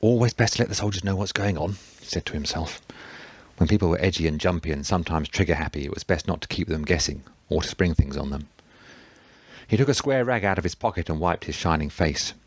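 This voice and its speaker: A man reading a novel aloud in steady, measured narration. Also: extremely low pitch, breathy edge, no echo. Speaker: audiobook narrator. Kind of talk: scripted narration.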